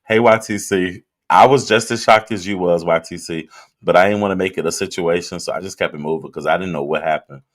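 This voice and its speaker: Speaking fairly quickly in a low voice, a man runs a casual live chat. He reads viewer comments, drinks, and addresses his audience loosely and directly.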